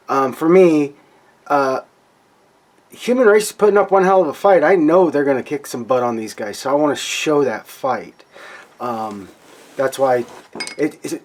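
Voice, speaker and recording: A man's voice: medium pitch, darkish tone, poor audio. A man talking casually to viewers while building scale models at his home workbench, rambling with restarts.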